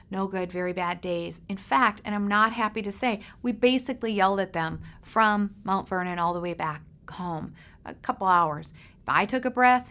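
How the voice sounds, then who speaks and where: A middle-aged woman, a parent coach, telling a lively personal story to parents and acting out the voices in it. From Seattle area, United States. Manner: animated storyteller, acts out quoted voices with big pitch jumps.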